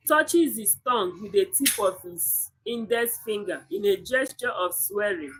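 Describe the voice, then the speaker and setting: A woman reading a story aloud as narrator, slow and measured. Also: mid-range voice, animated, breathy edge, low-quality recording.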